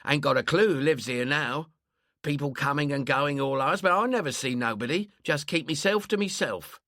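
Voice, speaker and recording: A man's voice: on the high side, normal speed, a bit bright, no echo, clean studio sound, pitched above the performer's own voice. A man voicing a suspicious older South London woman with a raised, grumbling voice. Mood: defensive.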